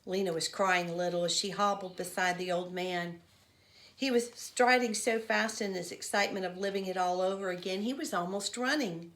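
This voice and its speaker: A woman reading a children's novel aloud in gentle, unhurried narration. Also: mid-range voice. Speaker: reader.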